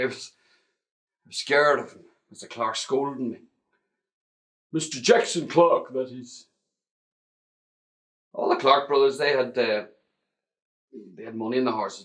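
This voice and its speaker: A man with a Northern Irish accent playing a grown stableboy looking back on his youth in a theatrical monologue, speaking reflectively and often hushed. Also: mid-range voice, close to an everyday voice. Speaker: actor in a one-man play.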